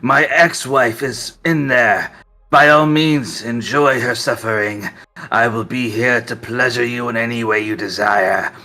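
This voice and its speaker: A groveling undead suitor, as a man puts him on at the game table, bright and forceful in tone. He fawns and flatters in adoring tones. The pitch sits in an ordinary male middle range. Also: unhurried. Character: fawning lovestruck undead male creature.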